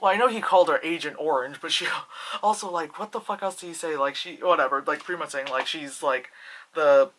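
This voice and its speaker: Vlogger doing a casual spoiler review; bright, sharp tone; rambling, swears freely, acts out the scenes. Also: mid-range voice, a little fast, a little hiss or hum. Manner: animated, profane, acts out scenes with voices; rambling, heavy use of "like" and "you know". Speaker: film reviewer.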